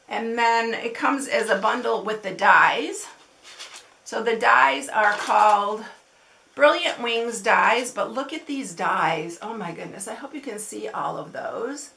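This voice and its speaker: A middle-aged woman walks viewers through a craft project, gushing over every detail. Her voice is fairly high, with a bright, forward tone and a gravelly fry running through it. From Texas. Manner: gushing, enthusiastic, chatty. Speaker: card-making demonstrator. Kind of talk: casual craft tutorial.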